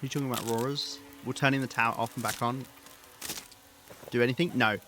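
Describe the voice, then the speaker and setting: A man giving live gameplay commentary, rambling and thinking aloud with hesitant pauses. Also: medium pitch, steady tone, background noise. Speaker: game streamer.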